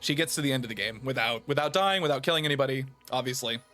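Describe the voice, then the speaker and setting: A man hosting a stream in casual chat, animated and swearing, with frequent laughs. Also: medium pitch, rapid-fire, faint music behind. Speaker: stream host.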